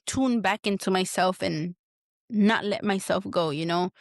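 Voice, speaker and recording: Speaking at a measured pace with a medium-pitched voice, this podcast host delivers a frank solo monologue full of profanity and raw emotion. She keeps circling back and starting over as she searches for the right words. The studio sound is clean, with no room tone.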